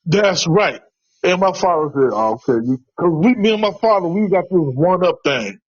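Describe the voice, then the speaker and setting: Earnest husky Chicago-born man. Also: high voice, expressive, no echo, lo-fi sound. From West side of Chicago. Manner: earnest, halting restarts. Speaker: interviewee, tradesman. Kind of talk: storytelling interview.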